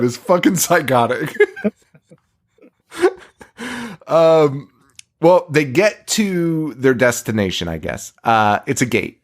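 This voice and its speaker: A man co-hosting a casual podcast, recapping a film with lots of sarcasm and swearing. His voice sits in a middle pitch, and he breaks into laughter often. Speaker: podcast co-host.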